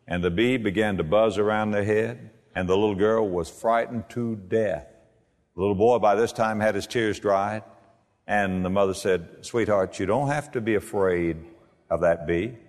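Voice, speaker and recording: A man preaching a sermon, rising to high emphatic peaks when he quotes scripture. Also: fairly even intonation, moderate pace. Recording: long reverb of a large hall.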